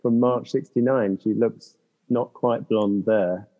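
A man's voice: on the low side, steady tone, slow, big-room sound, narrow, tinny audio. A man co-hosting a podcast, easygoing and hesitant as he guesses answers in casual chat. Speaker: podcast co-host.

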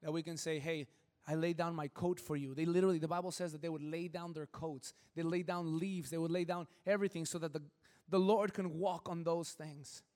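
A male pastor preaching a lively, humorous sermon to his congregation, acting out quick quoted voices as he goes. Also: on the high side. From Southern California. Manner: animated, joking, acts out quick quoted voices. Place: church sanctuary. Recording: long hall reverb.

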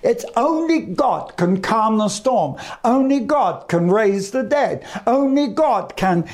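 Man, evangelist, sermon, high voice, unhurried delivery, weighty pauses. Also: lively intonation, darkish tone. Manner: slow, deliberate preaching with emphatic pauses. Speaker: evangelist preacher.

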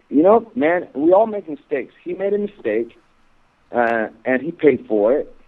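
Male phone-in guest, halting and emphatic, tinny line. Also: mid-range voice. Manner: halting, repeats words, grows emphatic. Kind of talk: interview on radio.

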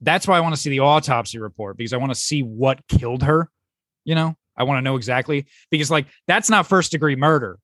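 A man's voice: medium pitch, fast, a bit bright, no room sound. A man co-hosting a podcast, talking things over in a chatty, skeptical way. His voice sits mid-range, and the recording is dry and close. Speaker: podcast co-host. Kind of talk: casual chat.

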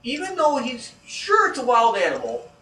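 A man's voice: very high voice, huge pitch swings, moderate pace, bright, forceful tone, slight background noise. A man telling a story in a casual, profane way, acting out scared reactions as he goes. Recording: echoey room heard from a distance.

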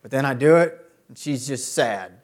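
A middle-aged man preaching a sermon as a pastor. He often builds to loud, emphatic peaks. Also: mid-range voice, lively intonation, moderate pace.

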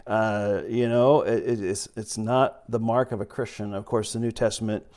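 The preacher's voice is lowish and darkish, with fairly even intonation and a moderate pace. He gives a loose, conversational sermon in church, reading scripture and retelling it, rambling with plenty of fillers and false starts.

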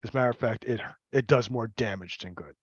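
A man's voice: lowish voice, husky, no room sound, muffled recording. Candid man sharing his recovery story. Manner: candid, halting, with repeated words and laughter. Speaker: recovery meeting speaker. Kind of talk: personal recovery share.

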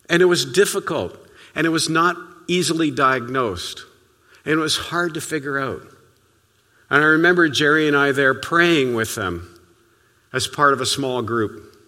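Lively, forceful preacher in a reverberant hall. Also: male voice, mid-range voice. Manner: conversational, storytelling preaching with sudden soft drops. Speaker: pastor. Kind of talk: sermon.

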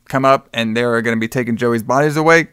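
A man co-hosting a casual movie podcast, recapping scenes in a loose, rambling way. His voice is smooth and clear, at a middle pitch. The recording is dry and close. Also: fast, a bit bright, dry recording. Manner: rambling, swearing, acts out quotes with laughs. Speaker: podcast co-host. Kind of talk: casual movie review chat.

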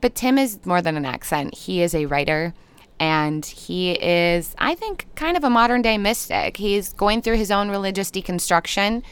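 A woman with a Minnesotan accent, giving a podcast intro in a gentle, earnest, unhurried way. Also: medium pitch, lively intonation, clear, resonant tone. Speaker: podcast host. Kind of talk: reflective podcast intro monologue.

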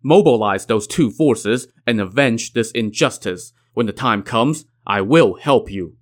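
A man's voice: mid-range voice, animated, a little slow. A man reading the lines of a loyal commander caught between duty and mercy, speaking formally. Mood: earnest. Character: loyal military commander, torn and steady.

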